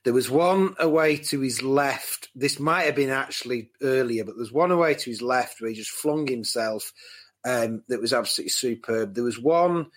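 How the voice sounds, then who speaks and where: A man on a football podcast panel, going through the play in careful detail. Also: mid-range voice. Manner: detailed, measured analysis. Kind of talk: casual football podcast chat.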